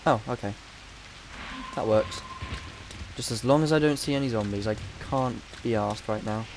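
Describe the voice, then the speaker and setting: A young gamer, a bit ill, comments on his gameplay in a let's play, his fairly low voice at a moderate pace over some background noise. He chats and rambles distractedly as he plays.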